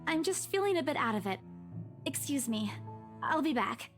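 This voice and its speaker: A woman streamer reading the lines of a shaken young woman, quiet and apologetic, a little off the mic. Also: high voice, very animated, normal speed, faint music behind, pitched above the performer's own voice.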